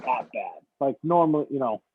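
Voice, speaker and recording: A man chatting casually on a podcast, relaxed and rambling, swearing freely. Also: medium pitch, normal speed, husky, narrow, tinny audio. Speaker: podcast co-host. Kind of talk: casual chat.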